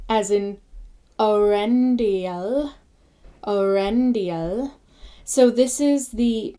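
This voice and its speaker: A woman giving a casual pronunciation lesson, patiently repeating each sound slowly. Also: fairly high pitch, warm tone. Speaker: language teacher.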